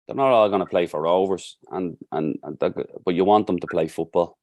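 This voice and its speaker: A man's voice: deep voice, fairly quick, vocal fry, darkish tone, dry recording, dull audio. A man with a Dublin accent, a football coach talking as a podcast guest and telling stories in an earnest, heartfelt way. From Ireland. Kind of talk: casual podcast conversation.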